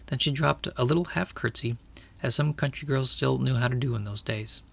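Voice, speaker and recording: A man narrating a storybook aloud with steady, expressive storytelling. His voice is gravelly and sits at a middling pitch. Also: brisk. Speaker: audiobook reader.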